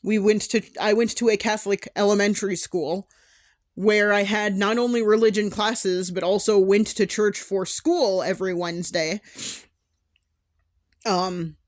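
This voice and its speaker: A woman's voice: medium pitch, fairly even intonation, a little slow. A young adult woman talking candidly in a personal vlog, emotional, with sighs and restarts. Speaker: vlogger.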